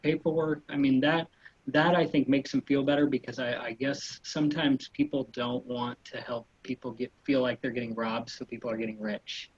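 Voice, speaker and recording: Casual guy rambling about cold calls, husky voice, dry close sound. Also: mid-range voice, fairly even intonation, moderate pace, no room sound, muffled recording. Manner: rambling, loose, full of fillers and restarts. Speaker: real estate agent. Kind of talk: casual panel chat giving sales tips.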